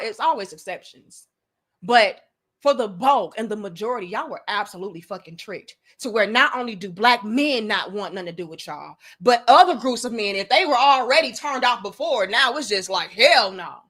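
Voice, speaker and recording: A woman's voice: fairly high pitch, animated, normal speed, a bit bright. A young adult woman, delivering a blunt, profane, preachy opinion monologue as a commentary show host.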